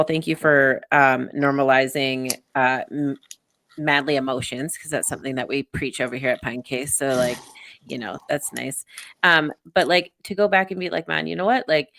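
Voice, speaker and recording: Gravelly, chatty podcast host man. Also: on the high side, dry recording, clean studio sound. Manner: relaxed and chatty, lots of filler words. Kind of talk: casual podcast conversation.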